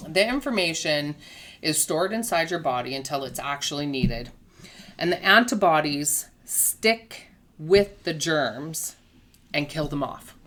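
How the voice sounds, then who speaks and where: Low-voiced, slow-talking woman teacher. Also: lively intonation, a bit bright. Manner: patient, explains with everyday comparisons, checks understanding with "okay?". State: has the hiccups. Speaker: health educator. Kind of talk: casual explanatory lesson.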